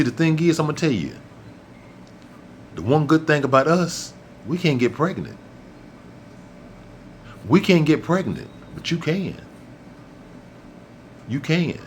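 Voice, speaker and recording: Man, middle-aged, vlog host, profane preachy rant, repetitive, lively pitch, faint rumble behind. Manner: blunt, profane and preachy, repeats himself for emphasis. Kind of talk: ranting monologue to camera.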